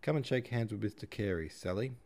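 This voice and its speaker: A man's voice: on the low side, fairly quick, darkish tone, close to an everyday voice. A man voicing a flamboyant middle-aged father who talks in a grand, theatrical and opinionated way in an audiobook reading. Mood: expansive. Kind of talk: audiobook character voice.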